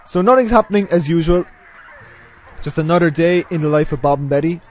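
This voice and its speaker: A man with a fairly high, cold-stuffed nasal voice talks a little fast while hosting a let's play. His casual gameplay commentary rambles and mocks himself, swinging between loud remarks and mumbled asides.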